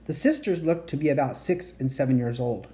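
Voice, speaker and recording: A woman reading a children's chapter book aloud in a gentle, unhurried storytelling manner. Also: low-pitched, lively intonation. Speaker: reader.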